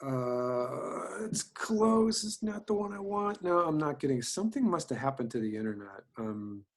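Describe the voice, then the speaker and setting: A man's voice: fairly high pitch, animated. A man in his fifties who teaches animation, chatting casually on a video call and rambling with lots of ums and restarts. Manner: rambling, halting, many fillers.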